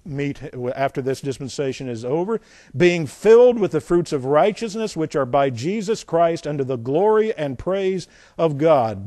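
A male pastor preaching, reading scripture aloud and then explaining it with folksy asides and dramatic swings between loud emphasis and quiet remarks. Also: on the high side, no echo. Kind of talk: sermon.

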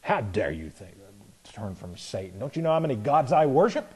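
A preacher putting on a scornful, shouting Roman governor. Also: male voice, mid-range voice, sing-song, moderate pace, breathy edge. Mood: mocking. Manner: shouting, sneering. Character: scornful loud ancient Roman governor, male.

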